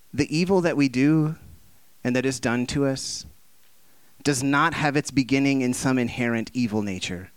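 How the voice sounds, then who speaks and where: A man with a smooth voice speaks at normal speed, with no room sound audible. Preaching with fervor in a conversational style, he launches rhetorical questions and acts out quoted voices, his pitch and volume rising and falling dramatically.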